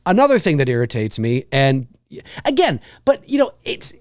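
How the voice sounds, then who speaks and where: A man in his forties hosting a live show, ranting casually and with exasperation, mimicking the shouts of others. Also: medium pitch, wildly swooping pitch, moderate pace, no room sound, clean studio sound. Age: 40s. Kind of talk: casual live-stream rant.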